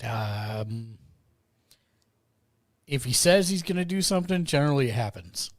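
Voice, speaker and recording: A man's voice: medium pitch, expressive, a little slow, no room sound, studio quality. A man playing a tabletop role-playing game, talking in character with a drawling frontier manner. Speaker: player.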